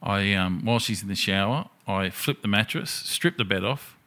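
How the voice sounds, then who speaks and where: A man's voice: lowish voice, moderate pace, sharp tone. Profane man telling a story. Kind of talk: casual storytelling chat.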